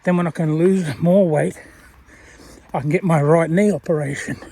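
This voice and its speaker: A viewer records a video message for a channel owner he admires, rambling and wandering in his talk as he walks. His voice sits on the high side, gravelly yet warm, with a steady tone and normal speed.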